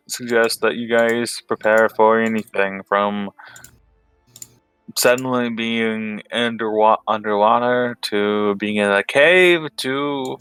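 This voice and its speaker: A man narrating as game master, halting and thinking aloud as he explains a plan. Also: lowish voice, fairly bright tone, clean tone, no room sound.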